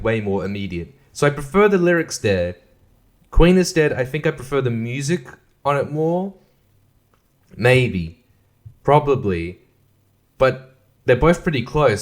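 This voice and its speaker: Guy ranting solo on his podcast, swears a ton, laughs a lot, keeps restarting his sentences, normal pitch. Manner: profane, rambling, laughs often, stammers and restarts. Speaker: podcast host.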